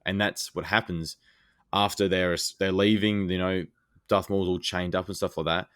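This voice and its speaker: A man's voice: low voice, normal speed, clean tone, no echo, studio quality. A man co-hosting a podcast, eagerly retelling scenes in casual chat with lots of fillers. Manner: excited, rambling scene retelling with many fillers. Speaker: podcast co-host.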